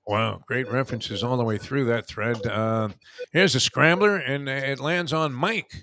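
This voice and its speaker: A man's voice: medium pitch, a little slow, sharp tone, no echo, clean studio sound. A man hosting a sports radio show, chatting loosely and running a call-in trivia game. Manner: loose, joking, filler-heavy banter. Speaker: radio host.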